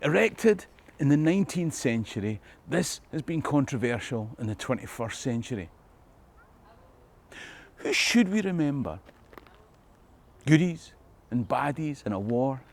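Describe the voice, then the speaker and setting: A man's voice: medium pitch, big pitch swings, unhurried, gravelly, pauses often. A man with a Scottish accent, a history tour guide narrating in a reflective tone with rhetorical questions. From Scotland. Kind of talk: scripted documentary narration.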